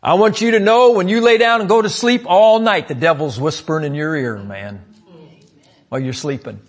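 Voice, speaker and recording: A pastor preaches a sermon at normal speed, calling out "amen?" to the congregation. He swings between loud, emphatic lines and low asides.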